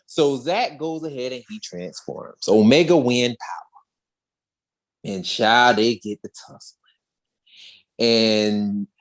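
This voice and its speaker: A young woman with a very deep voice co-hosts a podcast, giving an animated comedic recap of an episode. She's sassy, expressive, and slangy, jumping into character voices to act out the lines.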